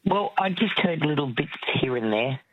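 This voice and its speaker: Husky Australian woman on a tinny phone line. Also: low voice, animated, normal speed, dry recording. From South Australia. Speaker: radio caller.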